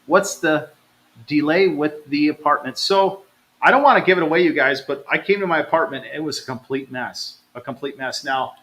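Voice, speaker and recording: A man's voice: fairly high pitch, moderate pace, a bit bright, poor audio. A man hosting a live travel stream, chatting casually and reading out viewer comments in an upbeat way. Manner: chatty, upbeat, addresses viewers as "you guys". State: low energy, recovering from stomach trouble.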